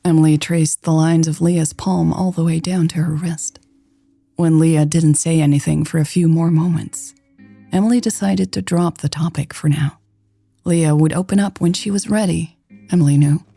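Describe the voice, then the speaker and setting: A woman narrating a romance story in a steady, unhurried scripted reading. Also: deep voice, vocal fry, slightly rough, no room sound, faint music behind. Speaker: audiobook narrator.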